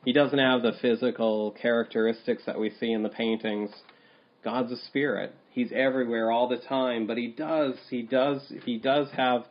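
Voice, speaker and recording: A man's voice: medium pitch, fairly even intonation. A man preaching a sermon, stopping and restarting often with fillers like "um" and "uh". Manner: halting, repeats words, many fillers. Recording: slightly dull, lo-fi sound.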